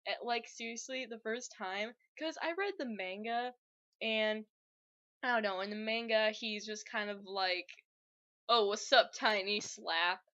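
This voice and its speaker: A young woman vlogger talks through a casual fan rant. She is exasperated and animated, and she rambles with plenty of fillers. Her voice is bright, clear and a little high. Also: a little slow, muffled recording.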